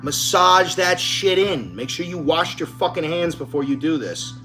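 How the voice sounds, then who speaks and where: A man's voice: on the high side, animated, normal speed, sharp tone. A man chatting casually to camera while cooking in his home kitchen, swearing freely and joking in a brash, chatty way. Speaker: home cook vlogger. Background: music.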